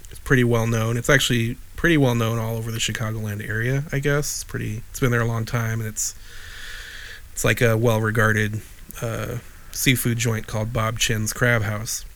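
A man's voice: medium pitch, flat delivery, normal speed, fairly bright tone. A middle-aged man from Illinois co-hosting a podcast, chatting casually and telling a rambling story full of restarts and dry asides. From Wheeling, Illinois, USA. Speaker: podcast co-host. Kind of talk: casual chat.

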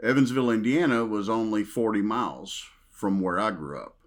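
A man's voice: on the low side, moderate pace. A man from Western Kentucky with a Southern drawl, telling stories unhurriedly as a podcast guest. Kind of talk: casual podcast chat.

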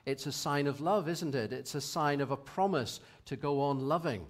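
Reflective man preaching a sermon. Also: on the high side. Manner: measured, reflective, reads scripture aloud. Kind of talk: sermon reading.

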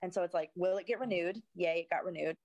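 A woman's voice: lowish voice, fast talker, darkish tone, no echo. A woman in her thirties from the United States, an actor, chatting casually and animatedly, swearing freely. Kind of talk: casual chat.

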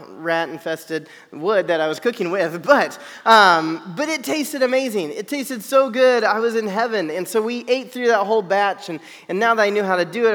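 A man telling a humorous personal story to an audience, animated and self-deprecating, often checking in with "right?". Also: high voice, big-room sound.

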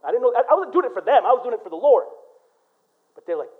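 Guy pastor from michigan preaching in church, goes loud then real quiet, kinda muffled lo-fi sound. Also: very high voice, fast. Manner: animated preaching, swinging between loud punches and quiet storytelling. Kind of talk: sermon.

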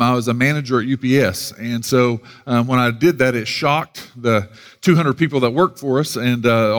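A man's voice: mid-range voice, big-room sound. Man telling a story in a sermon. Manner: rambling with many fillers, animated when quoting others. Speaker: pastor.

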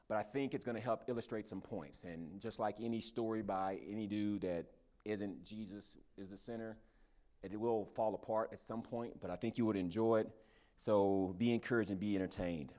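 A preacher telling a personal story in a sermon, with lots of fillers and false starts. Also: male voice, lowish voice. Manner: animated, hesitant storytelling with many fillers.

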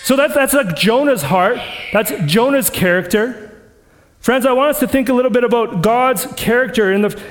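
High-pitched guy preaching, chatty and earnest, long church hall echo. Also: normal speed, a little hiss or hum. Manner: earnest, conversational preaching that acts out scripture quotes. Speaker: pastor. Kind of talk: sermon.

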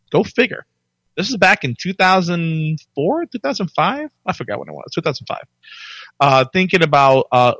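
A man chatting casually as a podcast guest, telling his career story with lots of restarts and animated jumps when he quotes himself. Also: mid-range voice, no echo, low-quality recording.

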